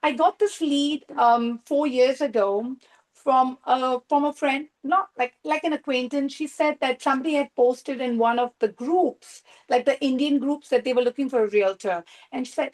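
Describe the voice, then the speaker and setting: A woman real estate agent telling a story at a team meeting, animated, acting out quoted dialogue. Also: high-pitched, moderate pace, rough recording.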